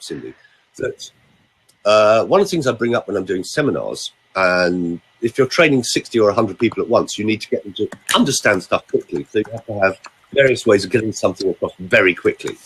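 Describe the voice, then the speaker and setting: Husky animated older man. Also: on the low side. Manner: animated, theatrical, teasing. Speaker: vocal coach. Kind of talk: casual podcast chat with voice demonstrations.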